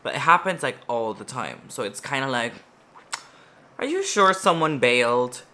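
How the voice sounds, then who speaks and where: Woman vlogger with a Spanish mother tongue, bright tone, swears freely and jokes at her own expense. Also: a bass voice, animated, normal speed, a little hiss or hum. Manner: chatty, profane, self-mocking jokes. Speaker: beauty vlogger. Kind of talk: casual get-ready-with-me storytime.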